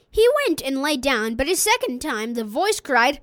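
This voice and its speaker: Earnest woman reading a sermon, high voice. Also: sing-song, normal speed, fairly bright tone, no echo. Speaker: audiobook reader.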